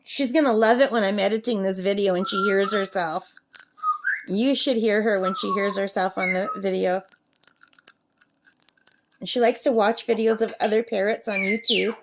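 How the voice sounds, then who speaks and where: A woman's voice: mid-range voice, steady tone, normal speed, long pauses, slight background noise. A middle-aged woman chatting casually while crafting, reading out number codes and cooing at her pet bird. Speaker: craft vlogger. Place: campsite.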